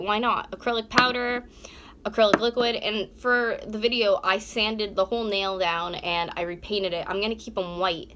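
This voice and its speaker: Her voice is medium in pitch and steady, at a normal pace, against a noisy background. She's a beauty vlogger in her twenties from North America, rambling bluntly and swearing as she live-streams a casual nail tutorial from a vanity in her warm bedroom, shot on a phone camera propped up close.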